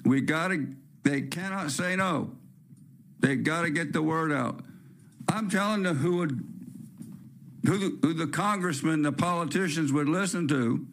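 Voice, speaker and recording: An older man with a slightly high voice hosts a talk-radio show in a blunt, rambling rant. He jumps from one complaint to the next and keeps his opinions loud and plain. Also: unhurried, vocal fry, pauses often. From California. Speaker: host. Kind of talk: ranting talk-radio monologue.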